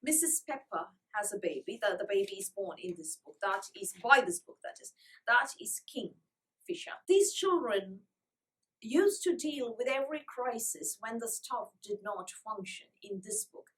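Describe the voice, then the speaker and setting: A woman's voice: mid-range voice, animated, unhurried, a bit bright, recorded from a distance, low-quality recording. A woman reviewing old children's books in a casual, wry manner, reading passages aloud between comments. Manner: wry, lightly sarcastic. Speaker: book reviewer.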